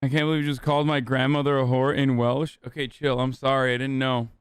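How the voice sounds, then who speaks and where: A man's voice: mid-range voice, level tone, fast, smooth, no room sound, studio quality. A man hosting a casual livestream reaction, joking, sarcastic and profane. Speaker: streamer host.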